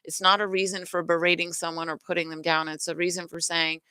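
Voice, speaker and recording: A woman's voice: fairly low pitch, little pitch movement, fast talker, bright, forceful tone, smooth, no echo. A middle-aged woman hosting a self-worth lesson, talking casually and earnestly, often stopping to restart or correct herself. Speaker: self-worth teacher and host. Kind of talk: casual spoken teaching talk.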